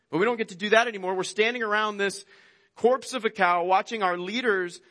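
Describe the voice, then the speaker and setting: A man's voice: high voice, bright, forceful tone. A man preaching a sermon, earnest and conversational, often repeating words as he goes. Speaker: pastor. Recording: long hall reverb.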